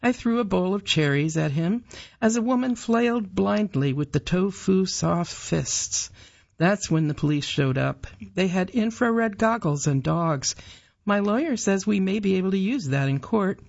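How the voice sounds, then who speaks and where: A woman narrating an audiobook in a measured, even storytelling manner. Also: mid-range voice, creaky, lo-fi sound. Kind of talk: scripted narration.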